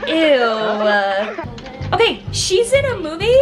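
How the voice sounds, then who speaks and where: A woman giving casual reaction commentary on a film, animated, exclaiming and laughing as she watches. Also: mid-range voice, normal speed, over loud music. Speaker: movie reaction vlogger. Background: film soundtrack playing.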